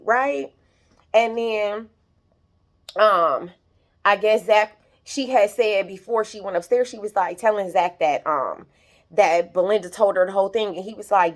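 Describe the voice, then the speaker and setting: A woman's voice: mid-range voice, a little slow. A young woman recapping a TV episode in casual, gossipy chat, talking straight to her viewers and acting out the characters' lines. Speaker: YouTube show recapper. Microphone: compact camera.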